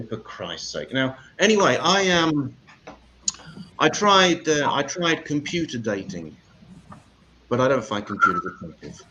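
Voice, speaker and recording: A comedian doing stand-up as MC, delivering crude, sweary deadpan one-liners. His pitch swings up and down a lot as he talks. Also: measured pace, a little hiss or hum, rough recording.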